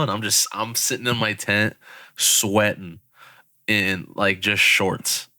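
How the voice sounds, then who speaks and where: A young man co-hosting a podcast tells a story in a bright, forceful voice, laughing and swearing as he goes. His pitch sits a little low, and the recording is close and dry, with no room sound. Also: slow pace, no room sound. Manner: laughing, swearing, animated retelling. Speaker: podcast co-host. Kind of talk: casual storytelling.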